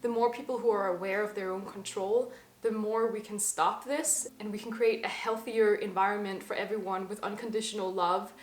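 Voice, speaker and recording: A woman's voice: medium pitch, fairly even intonation, a little hiss or hum. Earnest young woman in an echoey room. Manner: earnest and emphatic, slowing on key words. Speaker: vlogger. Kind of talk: reflective personal monologue. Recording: slightly echoey room with faint music.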